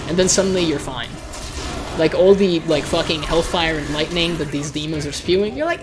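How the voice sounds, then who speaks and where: A man's voice: fairly high pitch, fairly quick, over music. Loose, irreverent man streaming a game. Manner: loose, irreverent, often repeating words as he restarts. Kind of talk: live gameplay commentary.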